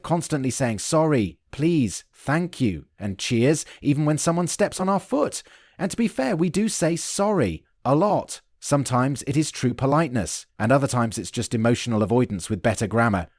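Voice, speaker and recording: British male narrator, mid pitch, dry sarcastic wit, scripted explainer read, no room sound. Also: moderate pace, no room sound. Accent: British English. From United Kingdom. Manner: dry, wry, deadpan wit.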